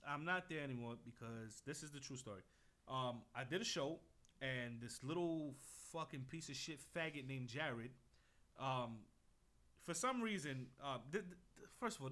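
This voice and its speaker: A young man co-hosting a casual chat, telling stories loudly and with swagger, swearing freely. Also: medium pitch, expressive, moderate pace. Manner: loud, swaggering storytelling with profanity. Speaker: co-host.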